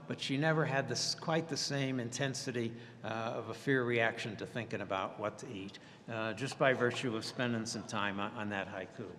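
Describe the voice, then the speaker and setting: A therapist presents a professional webinar in a medium-pitched, slightly bright voice, with a long reverb tail and slight background noise. His delivery is halting, full of fillers and restarts, and touched with dry humor.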